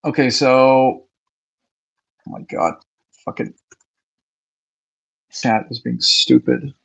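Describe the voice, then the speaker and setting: A man's voice: mid-range voice, expressive, slow, creaky. A man streaming a game, chatting casually and reading out viewer messages, swearing freely. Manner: chatty, profane, reads chat aloud while playing. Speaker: gaming streamer. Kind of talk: casual live-stream commentary.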